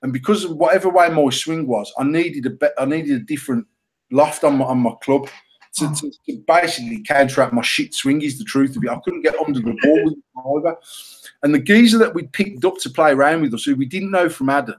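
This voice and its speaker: A man's voice: a little high, fairly quick, husky. Swearing British man telling stories. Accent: British English. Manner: heavy swearing, animated and self-mocking. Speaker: podcast co-host. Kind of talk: casual storytelling chat.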